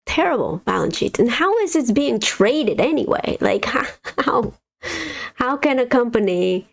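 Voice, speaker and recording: Woman host, gravelly voice, exasperated blunt livestream rant. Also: on the high side, very animated, measured pace. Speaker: stock market livestream host. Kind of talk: casual livestream commentary.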